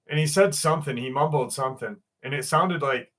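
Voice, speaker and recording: A man's voice: on the high side, quick pace, sharp tone. A man chatting casually on a livestream panel, rambling through a story with fillers and swearing. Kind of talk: casual chat.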